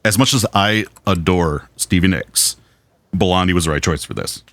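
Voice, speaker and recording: A man co-hosting a podcast, telling anecdotes in an animated, casual way with some swearing. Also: low-pitched, moderate pace, no room sound. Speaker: podcast co-host. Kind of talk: casual film chat.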